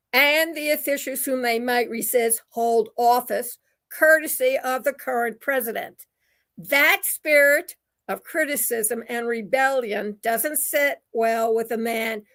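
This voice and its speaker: A woman's voice: fairly high pitch, fairly bright tone. A woman hosting a talk radio show, reading news quotes with sarcastic asides. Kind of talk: opinion commentary reading quotes.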